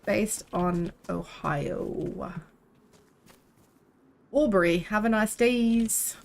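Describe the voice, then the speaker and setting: A woman's voice: mid-range voice, very slow, creaky, slight background noise, low-quality recording. A young woman, chatting casually and rambling while live-streaming a game, swearing freely.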